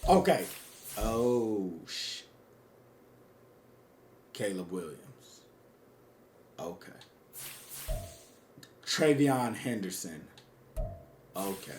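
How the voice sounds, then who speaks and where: A man's voice: lowish voice, big pitch swings, very slow, long pauses, a little hiss or hum. A man doing casual, hyped commentary over his own video game, talking straight to his viewers in slangy speech. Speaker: gaming YouTuber.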